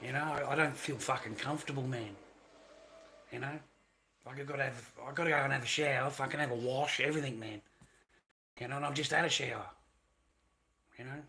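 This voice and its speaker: Male streamer, bright edgy voice, profane heated rant to camera. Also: mid-range voice, steady tone, brisk, long pauses. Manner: profane, heated ranting with repetition. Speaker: livestream host. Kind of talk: ranting live stream monologue.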